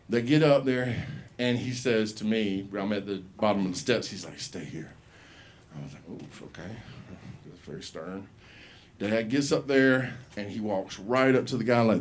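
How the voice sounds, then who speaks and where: A man's voice: fairly low pitch, a little mellow, slight background noise. A man telling a profane story as a stand-up comic at an open mic, acting out the people he quotes. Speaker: stand-up comedian. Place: comedy club stage.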